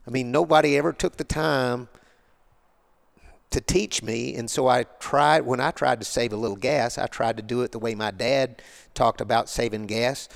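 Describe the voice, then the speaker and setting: Older man, gravelly, mid pitch, rambling colloquial storyteller, interview guest. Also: normal speed. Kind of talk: casual storytelling.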